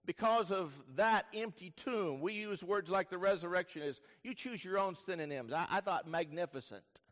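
A man preaching in a large church with a long, ringing reverb around his voice. His voice sits high, and he tells the story dramatically, sinking to near-whispers and then surging to loud exclamations. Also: moderate pace. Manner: storytelling preacher, swings between soft hushed lines and sudden loud bursts. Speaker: pastor. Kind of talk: sermon.

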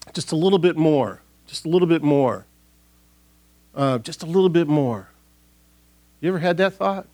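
A middle-aged man serving as pastor, giving a casual, folksy sermon and prayer in church, rambling with frequent restarts and fillers. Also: fairly high pitch. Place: church sanctuary.

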